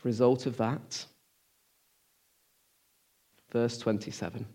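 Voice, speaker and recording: An earnest man delivering a sermon in a middle-pitched voice. He poses questions to his listeners and presses his points with emphasis. Then he drops to a soft, near-whispered hush. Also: animated, normal speed, pauses often. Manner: swings from emphatic to hushed, near-whispered lines. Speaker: preacher.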